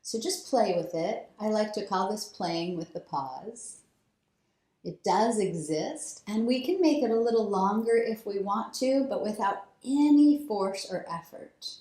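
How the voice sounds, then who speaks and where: A woman yoga teacher giving calm, slow breathing instructions. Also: mid-range voice. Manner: calm, slow guiding cues, growing softer. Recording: roomy echo.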